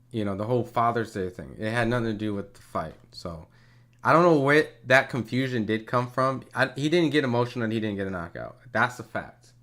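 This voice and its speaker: A man's voice: medium pitch, a bit bright. A man hosting a live commentary stream, talking loosely and casually, with some swearing.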